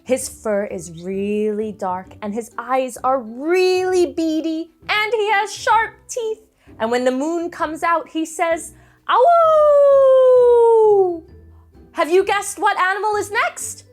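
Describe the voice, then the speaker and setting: A woman's voice: very high voice, slow pace, soft background music. A young woman telling a story to children, coaxing them to join in with gasps and playful animal noises.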